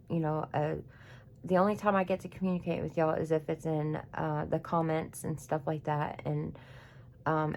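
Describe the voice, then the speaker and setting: Gushing and emotional, a woman opens craft supplies for viewers in her home craft room, chatting casually and saying "y'all" often. She's a craft YouTuber with a deep, slightly mellow voice, and there's slight background noise.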